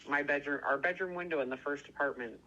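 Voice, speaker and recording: A man telling a story in casual chat, excitable and rambling, swearing constantly and stuffing every sentence with "like". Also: fairly high pitch, fast talker, highs cut off, a little hiss or hum. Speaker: podcast co-host.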